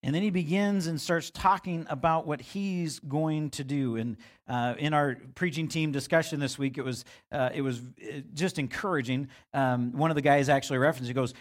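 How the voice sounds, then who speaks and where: Middle-aged male pastor, slightly high voice, casual sermon with lively quoted asides. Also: normal speed, few pauses. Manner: conversational preaching, acts out God's voice with rising pitch.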